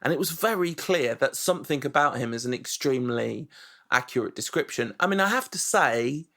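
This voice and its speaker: A man chats on a football podcast at a middle pitch. He rambles in an animated way and keeps correcting himself mid-sentence. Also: brisk. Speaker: podcast co-host. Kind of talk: casual football chat.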